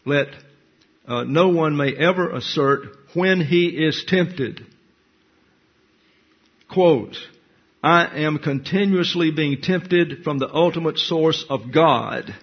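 Blunt teaching pastor, husky voice. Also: male voice, a little high, slow pace. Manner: blunt, teacherly, reads scripture with commentary. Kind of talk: Bible class sermon. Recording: dull lo-fi recording.

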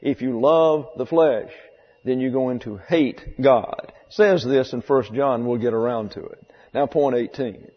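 A man's voice: mid-range voice, a little slow. A man preaches in an easy, conversational way, repeating his key phrases to drive them home. His voice carries a long reverb, as in a church sanctuary. The recording sounds dull and lo-fi. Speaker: pastor. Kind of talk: sermon.

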